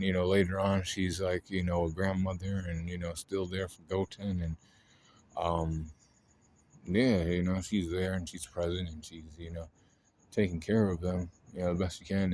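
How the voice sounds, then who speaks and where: Man, casual rambling chat, fairly low voice, faint room hum. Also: a little mellow. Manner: rambling, lots of fillers and swearing. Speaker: anime video host.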